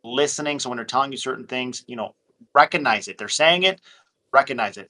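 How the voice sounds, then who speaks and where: A man talking casually on a group call, animated and quick to act out phone calls in other voices. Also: mid-range voice. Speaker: real estate investor.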